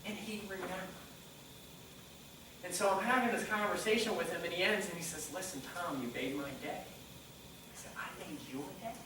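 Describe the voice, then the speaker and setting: A man giving a motivational talk on stage, telling stories and acting out conversations in a lively way. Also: high voice, brisk, background noise. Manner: animated storyteller quoting dialogue. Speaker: motivational speaker. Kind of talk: live presentation storytelling. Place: conference room. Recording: echoey hall mic from a distance.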